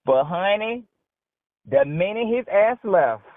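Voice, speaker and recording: A woman's voice: medium pitch, lively intonation, takes it slowly, no room sound. A woman calling in to a talk show, telling a rambling story bluntly and with heavy profanity. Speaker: caller. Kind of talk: casual phone-in storytelling. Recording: dry tinny phone line.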